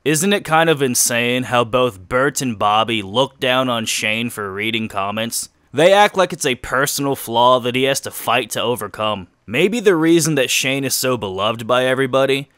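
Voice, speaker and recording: A man reads a scripted commentary in a bright, forceful voice with a smooth, crisp tone. His delivery is pointed and critical. The recording is close and dry, with no room sound. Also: medium pitch, no room sound. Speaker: commentary video narrator.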